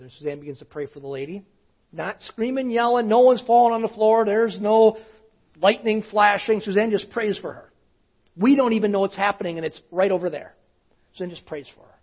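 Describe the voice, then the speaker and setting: A male pastor preaching in a conversational storytelling way, often dropping to a hushed voice. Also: high voice, brisk. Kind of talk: sermon storytelling. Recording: dull lo-fi sound.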